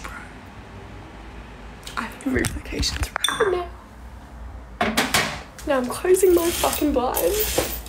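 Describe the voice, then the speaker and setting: A woman's voice: sits high, animated, slow pace, long pauses. Frightened young woman in an echoey room. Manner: breathless and jittery, dropping to whispers, swearing often. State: frightened, on the verge of tears. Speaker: livestreamer. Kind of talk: casual livestream chat. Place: her home at night. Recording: echoey room with noticeable background noise.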